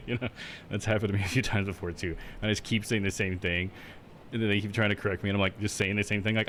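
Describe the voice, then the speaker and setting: A man's voice: on the low side, fast talker, fairly bright tone, a little hiss or hum. A young man live streaming a game, chatting casually in a laid-back, self-deprecating way and laughing often. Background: game music.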